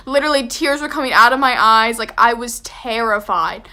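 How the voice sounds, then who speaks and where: Bright-voiced young woman telling a storytime. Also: high-pitched, normal speed, hardly any pauses. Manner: chatty, dramatic, heavy on "like". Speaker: vlogger. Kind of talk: storytime vlog.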